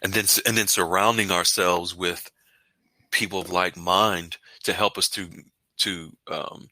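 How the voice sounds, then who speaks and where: A man hosting a casual interview, talking with lively reactions and frequent affirmations. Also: deep voice, a little slow, dry recording.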